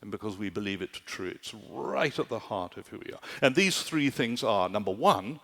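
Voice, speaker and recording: Animated male preacher in a reverberant hall. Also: on the low side, moderate pace, gravelly. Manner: animated, rhetorical, keeps asking "do you see?". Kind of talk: sermon. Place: large conference hall at a summer camp.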